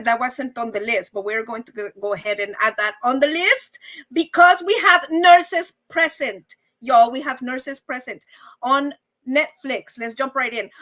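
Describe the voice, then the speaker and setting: A woman hosting a casual live stream, chatting warmly and animatedly with viewers and calling them y'all. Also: a little high.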